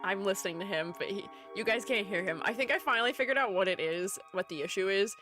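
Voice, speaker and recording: A woman's voice: medium pitch, fast, music in the background. A young woman chatting casually on her live stream, rambling and playful, often breaking into giggles. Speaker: streamer and art educator.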